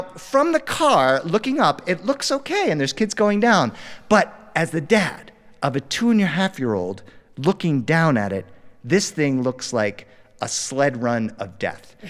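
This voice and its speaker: A man telling a family story live in a studio, animated and dramatic. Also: fairly high pitch, in a large hall. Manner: animated, dramatic, jumps into character voices. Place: recording studio.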